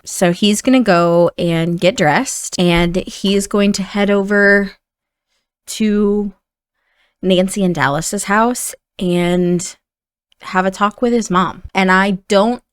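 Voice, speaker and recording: A woman's voice: medium pitch, takes it slowly, clean tone, dry recording, studio quality. A woman with an Indiana accent chatting as she narrates the story of a life-sim game. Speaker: game commentator.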